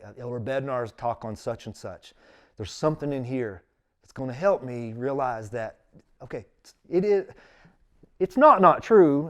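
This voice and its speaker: A middle-aged man, a guest on an interview show, telling a personal story with earnest feeling and quoting his own thoughts aloud. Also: mid-range voice. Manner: earnest, emotional, animated retelling with quoted inner thoughts.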